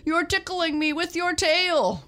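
A woman's voice: extremely high pitch, lively intonation, unhurried, sharp tone, voice pushed up, exaggerated voice. A woman voicing a bad-tempered male giant squid in a children's storybook, who roars in a grumpy way. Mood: giggling. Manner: roaring, grumpy.

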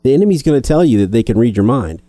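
A man co-hosting a faith discussion, telling a story in an animated way. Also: medium pitch, racing, no echo. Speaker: co-host.

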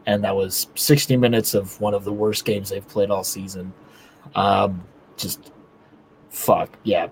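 A man's voice: fairly low pitch, a little hiss or hum. A man co-hosting a casual hockey podcast, talking bluntly and with profanity about how the team should play. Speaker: podcast co-host. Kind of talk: casual sports talk.

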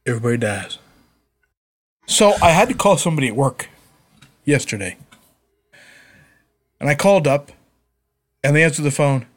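A man's voice: on the high side, lively intonation, moderate pace, pauses often. A man co-hosting a podcast, swearing freely and acting out the people in his stories. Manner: swears a lot, acts out voices in stories. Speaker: podcast co-host. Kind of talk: casual chat.

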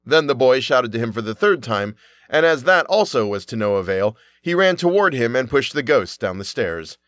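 A man narrating a fairy tale in an animated storybook reading. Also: mid-range voice, normal speed, no room sound, studio quality.

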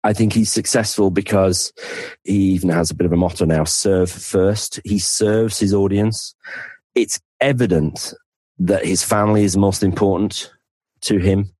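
Speaking low with fairly even intonation at a measured pace, this man's voice is darkish and slightly rough, with no echo. He's from the North of England, a financial planner on a podcast, chatting casually, laughing easily and mocking himself.

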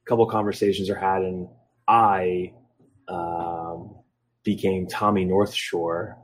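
This is a deep, darkish male voice belonging to a thirty-something podcast guest from Philadelphia, USA. In a casual interview, he spins meandering stories, full of ums, performing the quoted lines himself.

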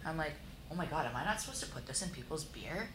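A woman's voice: deep voice, quick pace. A woman guest on a podcast, animatedly telling casual stories and acting out what people said. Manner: animated, laughing, acts out quotes. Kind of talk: casual storytelling. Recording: roomy with loud background noise.

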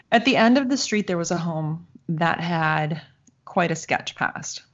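A woman telling a long personal story in casual conversation, animated, laughing now and then and acting out the voices she quotes. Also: on the low side, slow pace. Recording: dull lo-fi sound.

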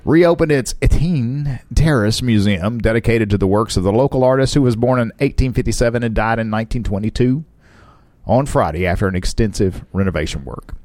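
A man's voice: mid-range voice, fairly quick, a little mellow, no room sound. A man co-hosting a casual podcast who reads news headlines, laughs often and mangles foreign words. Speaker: podcast co-host.

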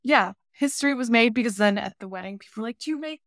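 A woman's voice: a little high, quick pace, no room sound. Dry-sounding woman telling stories. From Canada. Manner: lively anecdotal storytelling with voiced asides. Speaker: podcast guest, baker and cooking teacher. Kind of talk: casual interview storytelling.

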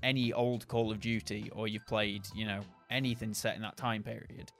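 A man hosting a podcast, reading a horror story in a measured, dramatic way and then chatting casually and laughing easily. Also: fairly low pitch, level tone, vocal fry, fairly bright tone, faint music behind. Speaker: podcast host and story reader.

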